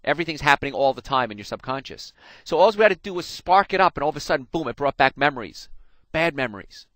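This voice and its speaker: A middle-aged New Jersey man with a slight local accent hosts a radio health show, talking fast in a fairly high voice. He's animated and folksy, telling stories and speaking directly to his listeners. It's a studio microphone with no echo.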